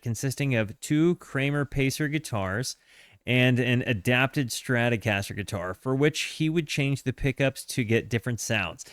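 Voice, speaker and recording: A man's voice: mid-range voice, no echo. A man hosting a casual live stream, talking straight to his chat with lots of ums and restarts. His voice sits in an ordinary middle range. It is recorded close and dry, with no room sound. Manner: chatty, halting, with frequent fillers and self-corrections; hearty shout-outs to chat. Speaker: streamer reacting to music.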